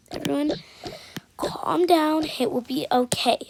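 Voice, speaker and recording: A woman voicing a frazzled mom trying to calm her family, in a raised, exasperated plea. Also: high voice, drawn-out words, vocal fry, heavily acted. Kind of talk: toy game role-play voicing. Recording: noisy home mic recording.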